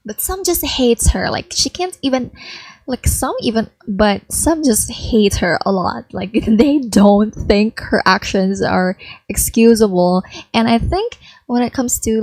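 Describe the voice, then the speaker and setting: A woman's voice: medium pitch, a little mellow, no room sound, low-quality recording. A young woman narrating a life-sim game in a chatty, gossipy way, full of "like". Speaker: gaming creator. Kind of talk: casual gameplay narration.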